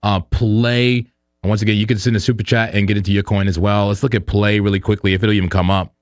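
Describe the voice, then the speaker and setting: Brief: male streamer host, lowish voice, dry close sound, loose and jokey delivery. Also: quick pace, no echo. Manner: animated and joking, with frequent fillers and laughs. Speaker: host of a crypto trading livestream. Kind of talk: casual live-stream chat.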